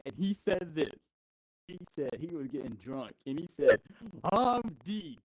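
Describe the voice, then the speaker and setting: A man's voice: medium pitch, lively intonation, moderate pace, a little mellow, low-quality recording. A man as a podcast guest telling a rambling, casual story, with restarts and chuckles.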